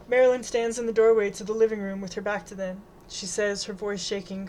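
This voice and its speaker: Female narrator, steady plain read of a novel. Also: mid-range voice, brisk, few pauses, a little hiss or hum, rough recording. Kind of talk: reading a novel aloud.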